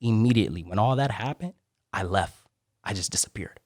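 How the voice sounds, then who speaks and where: A young man from Detroit tells his story as a podcast guest with a low, husky voice. He acts out the people he quotes in an animated way. The sound is dry and close. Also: brisk, no echo. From Detroit, Michigan. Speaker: guest, Marine and motivational speaker.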